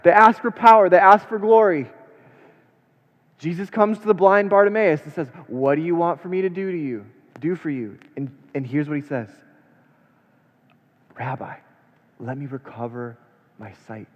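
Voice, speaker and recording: A slightly high-voiced man preaching in a church, reading scripture and then explaining it with questions put to the congregation. His delivery moves from hushed to emphatic. The sound is dull and lo-fi, with a long reverb trailing behind him. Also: normal speed. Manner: swings between hushed and emphatic. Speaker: pastor. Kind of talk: expository sermon. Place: church sanctuary.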